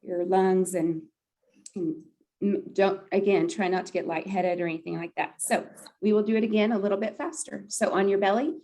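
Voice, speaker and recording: A woman's voice: mid-range voice, steady tone, moderate pace, mellow. A woman leading a group laughter yoga session, chatty and upbeat, often breaking into laughter. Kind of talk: guided group exercise session.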